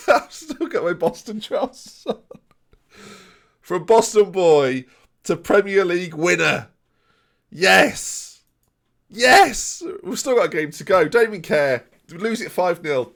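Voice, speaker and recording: A young man giving jokey, excitable live commentary on his game and talking to his viewers. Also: fairly high pitch, unhurried. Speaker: gaming streamer.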